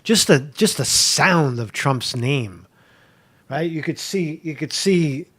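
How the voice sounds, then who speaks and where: A man's voice: on the high side, animated, slow, a bit bright. A man from Pennsylvania hosting a live show, talking in a rambling, sarcastic way and swearing freely. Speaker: host.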